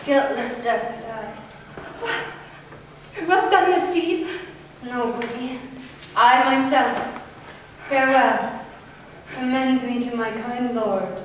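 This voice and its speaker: A woman's voice: fairly high pitch, lively intonation, takes it slowly, long pauses, a little hiss or hum. An actress playing an innocent young noblewoman who pleads for her life, in a live stage performance. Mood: dying. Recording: echoey theatre, mic far from stage.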